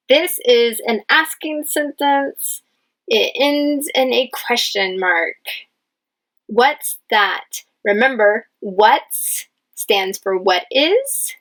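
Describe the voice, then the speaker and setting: A woman English teacher leading a dictation lesson, speaking patiently and spelling out each word clearly. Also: fairly high pitch, fairly bright tone, poor audio. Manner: patient, enunciates each word, stresses key words. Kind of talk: slow, clear classroom dictation.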